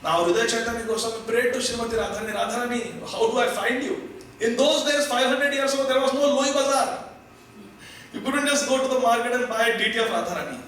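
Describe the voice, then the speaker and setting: A man teaches through devotional storytelling, fervently repeating phrases for emphasis. His voice is high and bright. It is picked up from a distance in a strongly echoing hall, with faint noise behind. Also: steady tone, fast. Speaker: spiritual teacher giving a class.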